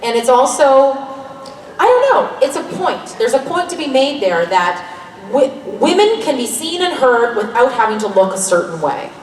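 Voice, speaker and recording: A Canadian woman in her thirties, an actor answering fan questions on a convention panel in a lively, joking, candid way. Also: on the high side, moderate pace, a loud crowd. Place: large convention hall. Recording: echoey hall recording from far off.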